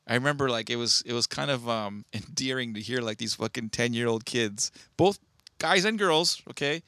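A man's voice: mid-range voice, expressive, moderate pace, pushed and bright, no room sound, clean studio sound. A man co-hosting a podcast, telling rambling, profane stories in casual chat. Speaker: podcast co-host.

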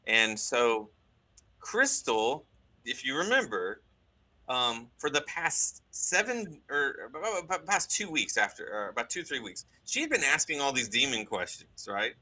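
A man telling a story in casual conversation, animated, with many restarts and asides. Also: mid-range voice, unhurried. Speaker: guest recounting a deliverance.

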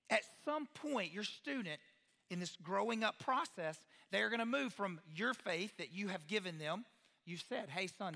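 A man, a pastor, giving an animated sermon-style talk to parents, acting out quoted voices and asking the audience questions. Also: high voice, in a large hall.

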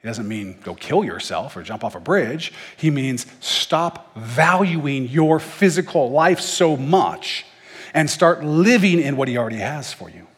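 A man's voice: fairly high pitch, lively intonation, measured pace, slightly rough, long reverb tail. A man teaching through Bible verses in a casual, conversational way, with joking asides.

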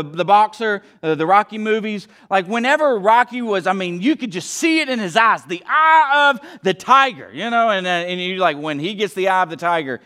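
Impassioned high-voiced preaching man. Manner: impassioned, swings between hushed and emphatic. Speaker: pastor. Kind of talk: sermon.

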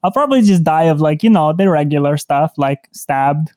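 A man's voice: fairly high pitch, animated, normal speed, a little mellow, dry recording, studio quality, lightly acted. A man voicing a naive half-vampire detective who talks in an earnest, rambling, awkwardly literal way.

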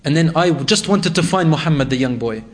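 A man's voice: a little high, animated, fairly quick. A man preaching a sermon, reciting Arabic verses and retelling a story with rising emotion.

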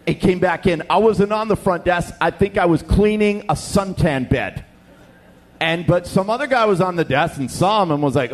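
A young man preaching a sermon, telling stories with lively acted-out voices. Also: sits high, moderate pace. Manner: animated storytelling, acts out voices. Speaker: pastor.

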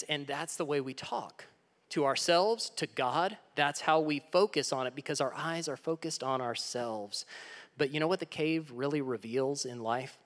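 A man preaching a sermon as a pastor, retelling a story dramatically with big swings in pitch and loudness. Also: unhurried, in a large hall.

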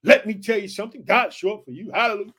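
High-voiced, fiery male preacher. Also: very fast, fairly bright tone, breathy edge. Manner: exclamatory, repeats calls to the listeners. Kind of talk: fiery sermon with scripture reading.

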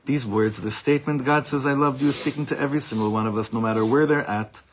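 A man giving an informal Torah class, telling stories with animated delivery. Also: medium pitch, fast, slight background noise. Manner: animated storytelling, acts out shouted quotes. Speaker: Torah teacher.

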